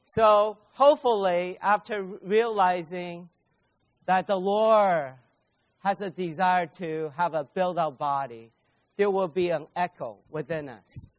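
A man preaches at a conference, his voice sitting high. He speaks with emphasis, addresses the crowd directly, and slowly repeats the phrases that matter most.

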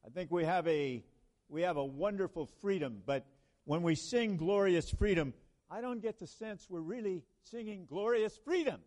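A man preaching a sermon at a church conference in an earnest way, pausing and restarting, then rising to emphatic proclamations. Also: sits high, darkish tone. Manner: slow, earnest, with halting restarts and sudden emphatic rises.

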